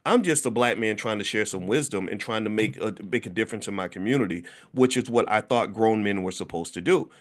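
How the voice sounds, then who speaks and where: A man's voice: lowish voice, brisk, hardly any pauses. A man in his fifties talking casually to viewers, telling stories and acting out the voices of people he quotes, with many restarts. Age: 50s. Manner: animated storytelling, acts out quoted voices, frequent restarts. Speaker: commentator.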